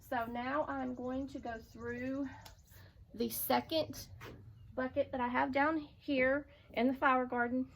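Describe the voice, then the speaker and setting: A woman's voice: gravelly, a little hiss or hum. A woman talking casually outdoors on her farm in a vlog, explaining her garden chores and calling her chickens in a sing-song voice. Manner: chatty, calls chickens in a high sing-song voice. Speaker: farm vlogger.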